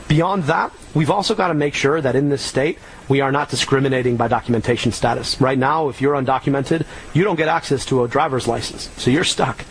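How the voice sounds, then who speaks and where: A man speaking as a political candidate, measured and earnest with some fillers. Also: mid-range voice, a little hiss or hum, poor audio. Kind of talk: speech clip.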